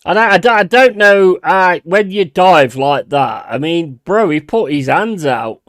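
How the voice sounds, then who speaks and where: A man's voice: high-pitched, lively intonation, a little slow. A man streaming a football watch-along, swearing and ranting at the players and the referee. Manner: shouting in bursts of outrage. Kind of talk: live match watch-along commentary.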